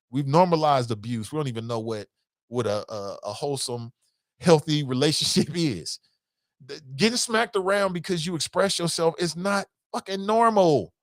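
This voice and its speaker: A man's voice: fairly high pitch, dry recording, studio quality. A man hosting a call-in talk show, giving casual, emphatic commentary in slangy speech, repeating his points and laughing often.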